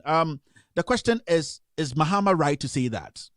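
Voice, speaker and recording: A man's voice: on the high side, lively intonation, moderate pace, a bit bright, no echo. Give me an emphatic male radio host with a dry studio sound. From Ghana. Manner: emphatic, repeats rhetorical questions. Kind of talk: radio editorial commentary.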